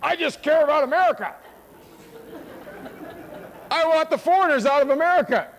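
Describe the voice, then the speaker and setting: A man mimicking an angry, ranting American caller, shouting in an indignant voice. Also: very high-pitched, moderate pace, in a large hall, some chatter behind, a little hiss or hum, voice pushed up.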